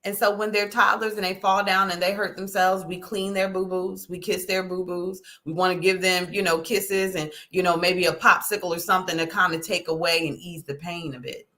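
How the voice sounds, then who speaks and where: Bright-voiced woman hosting a chat. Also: on the low side, normal speed, few pauses. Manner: animated, folksy, many "okay?" asides. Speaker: host. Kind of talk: casual talk to a live audience.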